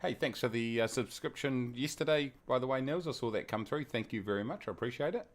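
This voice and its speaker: A man's voice: medium pitch, fast talker. A man with a New Zealand accent, hosting a flight-sim live stream in casual, jokey chat and greeting viewers by name. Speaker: flight sim livestream host.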